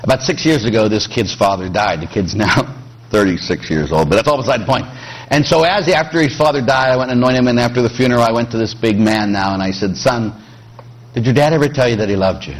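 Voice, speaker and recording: A man's voice: mid-range voice, fast talker. A middle-aged man from Pittsburgh, a priest preaching a sermon with jokes, acting out quoted voices. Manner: animated, joking, acts out quoted voices.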